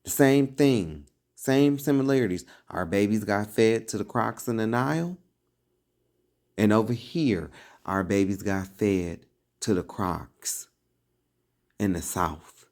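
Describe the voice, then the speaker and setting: A man's voice: on the low side, slow, a little mellow. A man giving preachy, casual commentary as an online religious commentator, emphatic and full of rhetorical questions.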